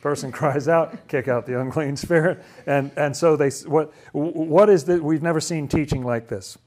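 Man, somewhat high-pitched, casual Bible study teacher. Questioning, conversational delivery with restarts. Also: normal speed, darkish tone. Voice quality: asks lots of questions, chatty, stumbles and restarts.

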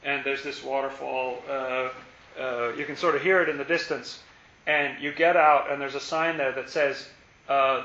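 Musing man, bright echoey Bible talk. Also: mid-range voice, steady tone, moderate pace. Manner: musing, grows forceful and emphatic. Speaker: Bible teacher. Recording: echoey, dull lo-fi room.

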